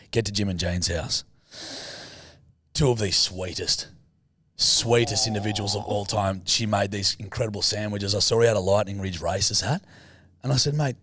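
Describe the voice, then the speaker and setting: Young Aussie male podcast co-host, low voice, dry close sound, sweary and animated. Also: breathy edge, dry recording. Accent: Australian. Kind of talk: casual podcast banter.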